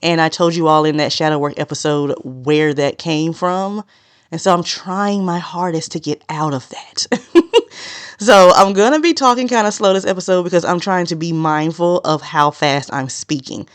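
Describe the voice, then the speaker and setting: A woman delivers a solo podcast monologue in a smooth, clear voice, recorded close and dry. She talks straight to her audience without sugarcoating. She deliberately keeps her pace measured even though she naturally tends to speak fast. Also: on the low side, dry recording. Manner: direct and no-nonsense, consciously slowing a naturally fast delivery. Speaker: podcast host.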